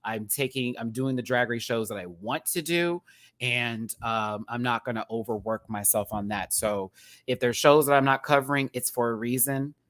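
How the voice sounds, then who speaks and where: A man hosting a casual live-stream rant, chatty and rambling, with sudden bursts of high laughter. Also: normal speed, fairly bright tone, dry recording. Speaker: YouTube commentary host.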